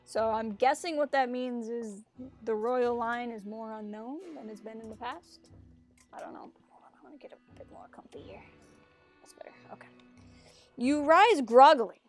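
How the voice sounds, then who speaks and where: On a casual gameplay stream, a woman with a higher-than-average voice reads story text aloud at normal speed, slipping into playful character voices between chatty asides. Faint game music plays behind her.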